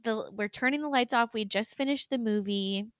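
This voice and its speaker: A woman's voice: on the high side, moderate pace, no echo. A young woman co-hosting a podcast, telling stories in casual chat, swearing and laughing a lot. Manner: animated storytelling, swears often, laughs a lot. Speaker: podcast co-host.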